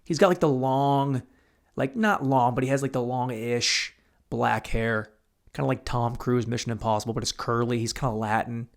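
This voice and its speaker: A young man hosting a solo podcast, telling rambling, profane stories and breaking into sudden loud outbursts. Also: mid-range voice, steady tone, normal speed, vocal fry. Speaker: podcast host.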